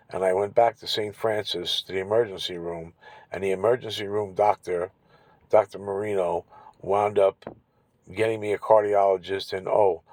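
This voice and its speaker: A man telling his own story to camera, angry and profane, often clearing his throat and repeating himself. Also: deep voice, darkish tone, no room sound, rough recording. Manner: bitter and indignant. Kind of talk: angry personal account to camera.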